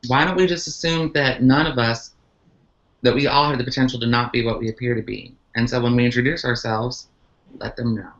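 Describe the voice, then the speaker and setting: Bright-voiced earnest woman on a muffled stream. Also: extremely low pitch, normal speed. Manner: earnest, many ums and restarts. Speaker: transgender activist guest. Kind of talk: live online Q&A talk. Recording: muffled lo-fi livestream audio.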